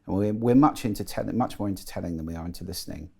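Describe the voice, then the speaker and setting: Low gravelly man explaining. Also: rapid-fire, dark tone. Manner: articulate and enthusiastic, demonstrates voices while explaining. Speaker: guest, voice and sound expert. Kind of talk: explanatory interview talk.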